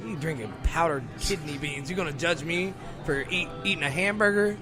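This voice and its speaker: A man co-hosting a radio show, ranting in an animated, exasperated way and laughing between complaints. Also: on the high side, brisk, over music. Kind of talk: casual comedic rant.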